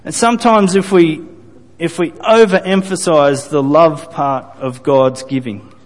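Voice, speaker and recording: Slow, earnest male preacher in a hall. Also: on the high side, fairly even intonation. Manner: earnest, deliberate preaching with repeated phrases and restarts. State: briefly choked up. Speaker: pastor. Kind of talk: sermon.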